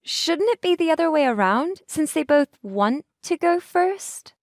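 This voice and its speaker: Lady doing a thoughtful pony princess, high, lively, reasoning things out. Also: a little slow, no room sound, clean studio sound, full character voice. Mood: puzzled. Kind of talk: audiobook character voice.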